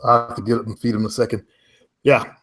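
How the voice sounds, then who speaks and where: A man of ordinary pitch talks at an easy, unhurried pace on a call from home. He coaches a client in online marketing in a loose, rambling way. He stops and corrects himself often. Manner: relaxed, rambling, self-correcting.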